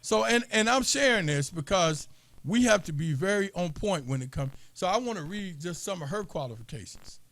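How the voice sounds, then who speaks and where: A man's voice: high voice, lively intonation, normal speed, fairly bright tone, no echo. A man co-hosting a political talk show, making emphatic points and repeating key lines for listeners. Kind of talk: casual political commentary.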